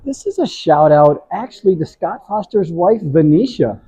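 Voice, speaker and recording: A man's voice: a little high, expressive, moderate pace, mellow, low-quality recording. A man giving color commentary at a youth hockey game, chatty and telling friendly anecdotes.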